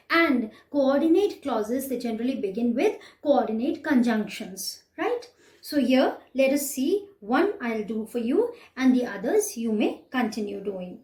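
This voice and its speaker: Her voice high and darkish, a woman with an Indian English accent patiently walks her class through exercises, often asking "right?". She's a bit far from the mic in an echoey room.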